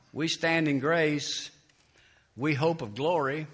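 Animated, bright-voiced male pastor. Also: a little high, slow pace. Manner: animated, building to loud emphatic peaks. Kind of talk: sermon with storytelling and prayer.

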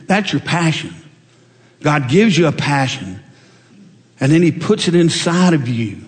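Pastor preaching in a reverberant sanctuary. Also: male voice, a little high, darkish tone. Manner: folksy storytelling, conversational, rising emphatic peaks. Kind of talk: sermon. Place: church sanctuary. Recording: long hall reverb.

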